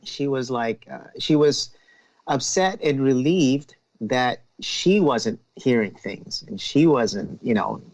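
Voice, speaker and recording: A man who is a police officer, telling a story in a casual podcast chat in a steady, unhurried way. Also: mid-range voice, muffled recording.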